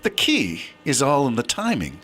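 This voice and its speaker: A man's voice: mid-range voice, huge pitch swings, moderate pace, pushed and bright. A man co-hosting a podcast, tossing out quips and playful banter in a casual chat. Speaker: podcast co-host.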